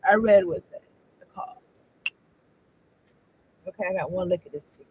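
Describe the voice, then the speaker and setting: A woman's voice: on the low side, rapid-fire, darkish tone, slight background noise, poor audio. A woman giving a casual tarot reading, rambling and profane, laughing often as she talks. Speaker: tarot card reader.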